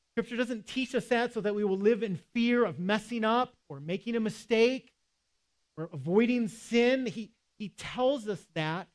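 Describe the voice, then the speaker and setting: A man preaching a sermon in a conversational way, with casual asides and quoted scripture. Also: sits high. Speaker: pastor.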